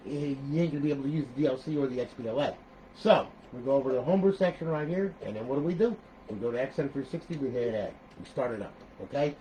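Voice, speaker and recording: A man's voice: mid-range voice, poor audio. A man with an ordinary mid-range voice talks through a console setup step by step. He checks in with "okay?" constantly and flares up now and then. A faint noise hangs behind him. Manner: chatty, repeats "okay?", animated outbursts. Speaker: console modder giving a tutorial. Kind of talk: casual screen-recorded tutorial.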